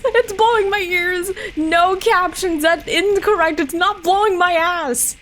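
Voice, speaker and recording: Very high-pitched giggly woman streamer. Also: unhurried, noisy background. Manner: giggly and flustered, frequent laughs and self-interruptions. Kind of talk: casual live-stream chat. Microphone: desk microphone.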